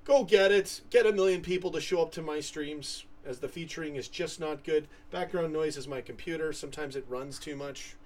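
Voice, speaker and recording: A man's voice: a little high, fairly quick, hardly any pauses, recorded from a distance. A young man from Canada hosting a casual live stream, rambling as he reads viewers' comments from home. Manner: rambling, chatty, trails off and restarts. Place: home room with a computer fan humming.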